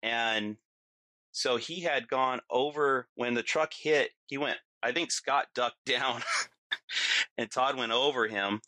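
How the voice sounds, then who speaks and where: A man's voice: mid-range voice, slow, no echo. A middle-aged man, a podcast guest, telling a vivid story casually with lots of fillers. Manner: vivid, lots of fillers, acts out his own yelling.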